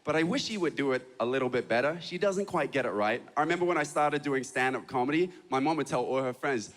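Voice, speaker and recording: A man's voice: mid-range voice, quick pace, few pauses, noisy background. A young man from Hong Kong and Australia telling stories in a punchy stand-up comedy set on a club stage. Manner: animated storytelling, punchy delivery.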